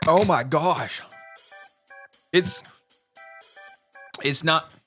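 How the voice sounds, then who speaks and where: A man's voice: on the high side, drawn-out words, bright, forceful tone. A man co-hosting a podcast in casual chat, taste-testing snacks and talking straight to his listeners. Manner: chatty, addresses listeners directly, runs the segment. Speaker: podcast co-host. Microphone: podcast microphone with noise gate. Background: faint background music.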